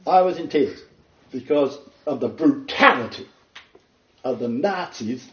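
An older man giving an informal sermon lecture, earnest and emphatic, his pitch leaping on stressed words between rambling asides. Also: animated, a little slow. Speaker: preacher giving a Bible lecture. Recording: roomy, distant, dull lo-fi.

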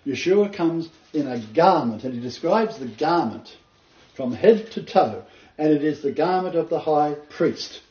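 A man's voice: mid-range voice, dark tone. A man leading an informal Bible study, explaining scripture in an earnest, detailed way. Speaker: Bible teacher. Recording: roomy, distant, dull lo-fi sound.

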